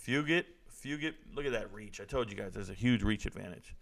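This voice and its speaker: A man casually commenting live on a fight broadcast, reacting excitedly and talking to his chat. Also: lowish voice, fairly quick, creaky.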